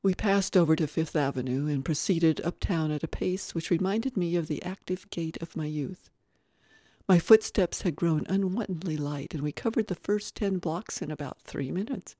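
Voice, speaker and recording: Mellow storybook narrator, dry close read. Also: mid-range voice, normal speed, no room sound. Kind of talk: audiobook reading.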